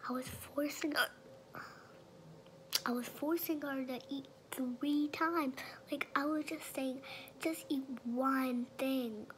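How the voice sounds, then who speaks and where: A woman vlogger talking in a whisper, halting and restarting her sentences often. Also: high voice, steady tone, a little hiss or hum, low-quality recording. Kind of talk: whispered vlog.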